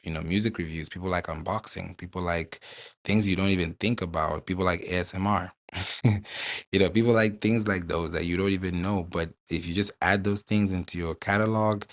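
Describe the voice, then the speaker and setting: Man, podcast host, very deep voice, dry close sound, encouraging. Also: no room sound. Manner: encouraging, explains with everyday examples. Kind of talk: casual panel discussion.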